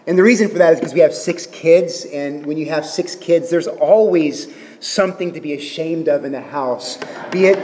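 A man's voice: fairly high pitch, normal speed, a little mellow, in a large hall. A middle-aged man preaching a sermon, earnest and explanatory, with humorous asides about his family. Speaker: pastor.

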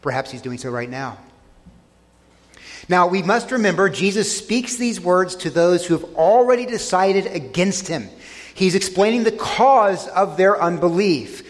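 A middle-aged man preaching a sermon to a congregation, earnest, often dropping soft and low on key lines. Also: lively intonation, a little slow. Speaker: pastor. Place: church sanctuary. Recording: long church hall reverb.

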